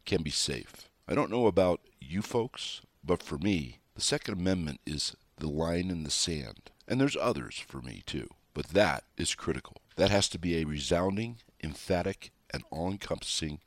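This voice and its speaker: A man's voice: sits low, expressive, normal speed, hardly any pauses, no echo. A middle-aged man delivering an emphatic, scornful political opinion monologue, full of rhetorical questions. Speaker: political commentator.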